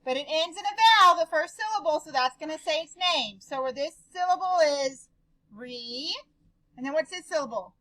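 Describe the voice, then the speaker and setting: A woman teacher leading a slow, deliberate phonics drill with her class, giving short sounding-out prompts. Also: high-pitched, animated, pushed and bright, poor audio.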